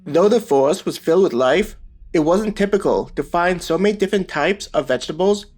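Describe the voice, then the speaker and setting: A man reading a web novel aloud as scripted audiobook narration, in a steady, even manner. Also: high voice, brisk. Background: faint background music.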